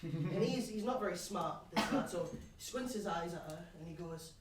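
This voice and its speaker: Performing solo on stage, a young Geordie actor takes on the role of a crude, brash pub regular who rambles, swears and teases the audience cheekily. He speaks in a high, animated voice at a moderate pace. Recorded from far off in a roomy hall, the clip carries crowd noise and audience laughter.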